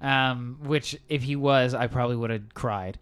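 Blunt young man with a smooth voice. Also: mid-range voice, fairly even intonation, moderate pace, a bit bright. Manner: blunt, opinionated. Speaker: podcast co-host. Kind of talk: casual film review chat.

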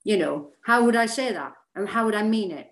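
A woman actor talks casually as an interview guest, chatty and animated, often restarting her sentences. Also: medium pitch, fairly quick. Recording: roomy echo.

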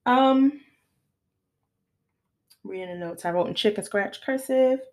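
A woman's voice: on the high side, unhurried. A woman hosting her own podcast, chatting casually through a film recap, acting out the characters' lines and laughing often. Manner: animated retelling with acted-out quotes; laughs often while talking. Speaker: podcast host.

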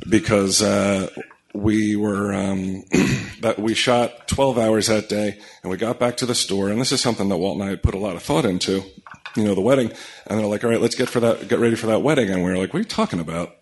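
A man's voice: fairly low pitch, darkish tone. A man speaking as a guest in casual chat, telling a story bluntly with frequent cursing, uhs and restarts. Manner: blunt, profane, halting storyteller. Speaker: podcast guest.

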